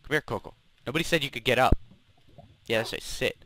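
A man's voice: medium pitch, fast, a bit bright, slight background noise. A young man hosting a Minecraft let's play, grumbling, swearing and trash-talking the mobs as he plays. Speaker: gaming channel host.

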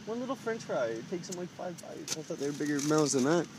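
A man's voice: a little high, expressive, quick pace, noisy background. A man sitting in a parked car outdoors, coaxing birds with sweary, sing-song chatter. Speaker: man feeding ravens from a car.

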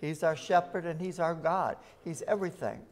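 At a rescue mission's evening service, the man preaches plainly to those gathered in a voice on the high side, at normal speed, reading scripture with mounting emphasis.

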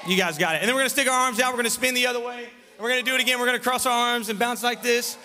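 A man leading a lively children's revival service, joking and teasing the kids while he gives them actions and call-and-response lines. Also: very high-pitched, rapid-fire. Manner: playful, teasing, loud leader of a crowd of kids. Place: large church sanctuary. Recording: reverberant church hall, faint room noise.

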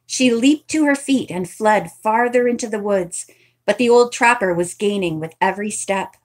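A woman reads a novel aloud at a middling pitch. She stops now and then for chatty asides to her listeners. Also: normal speed. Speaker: reader. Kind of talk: casual book reading aloud.

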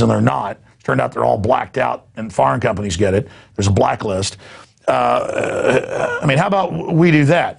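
Host, male, gravelly and husky, rambling sarcastic news rant. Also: medium pitch. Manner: sarcastic, rambling, laughing asides.

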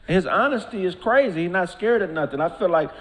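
A man's voice: high-pitched, lively intonation, a little fast, a bit bright. A man co-hosting a talk show, debating in a laid-back but emphatic way. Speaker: co-host. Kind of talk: casual banter.

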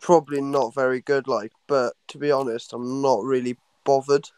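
A man's voice: mid-range voice, fairly even intonation, normal speed, darkish tone, clear, resonant tone, no echo. A British man being interviewed over a video call, blunt and cocky, swearing freely. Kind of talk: casual chat.

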